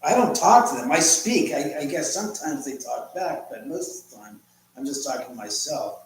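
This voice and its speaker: A man's voice: a little high, lively intonation, normal speed, a little hiss or hum. Rambling man in an echoey room. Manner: rambling, chatty, reading viewer comments aloud. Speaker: livestream host. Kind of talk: casual live chat. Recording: echoey room from far off, faint ambience.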